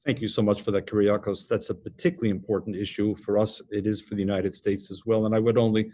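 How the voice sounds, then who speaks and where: Low-voiced guy interviewing on a video call, formal and composed. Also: flat delivery, fast, mellow.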